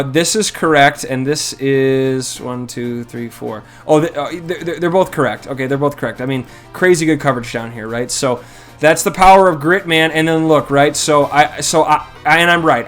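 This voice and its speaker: A man's voice: on the high side, fairly bright tone. A man casually commentating his own strategy game, thinking aloud and criticizing his own moves. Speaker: gameplay commentator.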